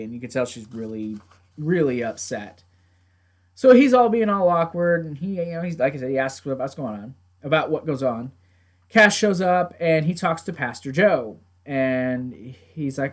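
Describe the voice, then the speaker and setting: A man talks through a TV episode in a casual, meandering recap, his voice sitting a bit high. He drifts off track and curses at his own setup now and then. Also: animated, moderate pace. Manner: rambling, swears, talks to his mic. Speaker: TV show reviewer.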